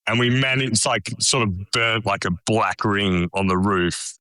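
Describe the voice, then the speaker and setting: A man's voice: lowish voice, unhurried, no room sound. A man with an Australian accent, a chef telling a story as a podcast guest, swearing freely and acting out the dialogue. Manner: swears freely, animated anecdote with quoted dialogue. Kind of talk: casual storytelling chat.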